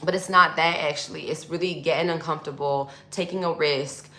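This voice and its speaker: A woman's voice: low voice, steady tone, brisk, bright, forceful tone. A woman speaking as a spiritual coach in a loose, casual monologue to viewers. She uses lots of fillers and calls her listeners y'all. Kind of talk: casual teaching monologue to camera. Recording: echoey room.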